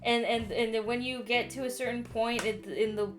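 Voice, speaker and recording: A woman's voice: a little high, fairly even intonation, brisk. A drunk young woman casually explaining game lore, rambling, swearing and stammering in exasperation.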